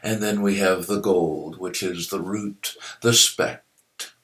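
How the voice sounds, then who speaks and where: An older man explaining a vocabulary activity to students and teachers in a slow, deliberate teaching manner, spelling out letters as he goes. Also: sits low, steady tone, a little hiss or hum. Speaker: literacy educator. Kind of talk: instructional video narration.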